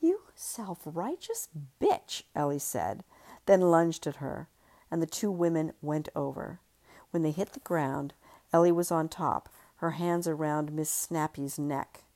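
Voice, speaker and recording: Low-voiced woman reading her novel. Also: mellow. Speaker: author and podcast host.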